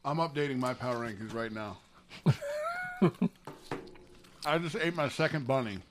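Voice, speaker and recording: Male podcast co-host, casual and excitable, swears freely, mid pitch, faint background noise. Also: normal speed. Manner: excitable, swears often, laughs while talking. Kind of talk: casual chat.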